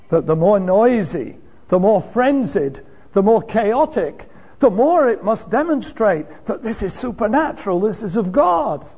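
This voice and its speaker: A man preaching a sermon in a church, emphatic and measured, asking rhetorical questions and chuckling now and then. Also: sits high, a little mellow. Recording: dull lo-fi sermon recording.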